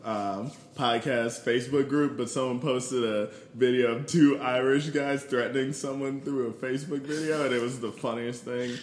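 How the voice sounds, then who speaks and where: Male podcast co-host, relaxed and joking, mid-pitched, roomy echo. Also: moderate pace, few pauses. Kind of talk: casual chat.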